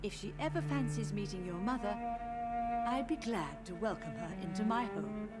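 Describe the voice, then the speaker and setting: An actress voicing a frail, grieving old mother who drifts between memories and gently insists her dead still visit. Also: medium pitch, expressive, normal speed, lightly acted. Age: older. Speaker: game character. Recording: game voice acting over loud game music.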